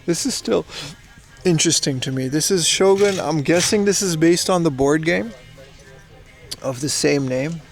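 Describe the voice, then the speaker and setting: Gravelly man streaming from a game shop. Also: fairly high pitch, moderate pace, faint music behind. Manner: chatty, browsing and reading chat aloud. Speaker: livestream host. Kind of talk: casual IRL livestream chat.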